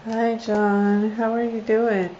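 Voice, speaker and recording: A woman with a fairly high voice reads cards for viewers on a home live stream, speaking at a slow pace with flat delivery. She's chatty and quick to laugh, and she soothes her dogs along the way. The audio comes through a computer or phone and sounds lo-fi, with background noise.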